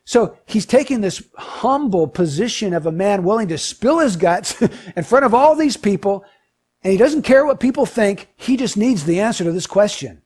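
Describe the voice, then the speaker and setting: A male preacher with a husky, fairly high voice that swings widely in pitch. He delivers his sermon with animation, building to emphatic peaks before falling back low and quiet. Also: animated, moderate pace. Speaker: pastor.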